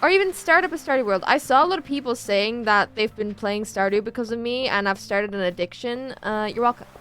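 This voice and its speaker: A woman's voice: fairly high pitch, brisk, fairly bright tone, clear, resonant tone. A woman chatting casually with her viewers while she plays a farming game, rambling and talking to chat as she goes. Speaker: streamer.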